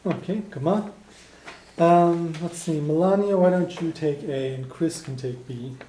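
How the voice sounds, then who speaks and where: A man teaching a beginner language class, relaxed and chuckling, with plenty of fillers. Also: on the high side, measured pace, a little hiss or hum. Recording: echoey classroom.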